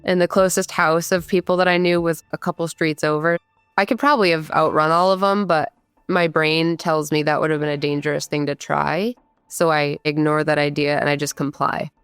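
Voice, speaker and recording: A woman's voice: sits low, level tone, normal speed, a bit bright, smooth, no room sound, soft background music. A woman in her thirties, originally from Michigan, recounting her own story in candid conversational speech with frequent fillers. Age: 30s. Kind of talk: personal storytelling.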